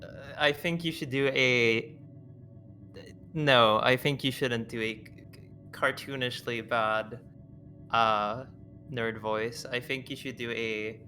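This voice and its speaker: A young man reads a visual novel aloud on a live stream, his voice bright and forward. He talks casually, joking and stumbling over words, with faint music underneath. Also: medium pitch, fairly even intonation, takes it slowly. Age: 20s. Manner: casual, joking, frequent restarts and laughs.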